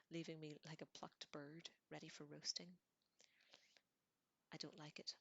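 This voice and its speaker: A woman reads a novel aloud in a soft, half-whispered voice. She keeps it low-key, with small slips along the way. Her voice sits low and even, bright in tone and dry, close to the mic. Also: a little slow, creaky, no echo. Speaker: audiobook reader. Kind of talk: soft whispered book reading.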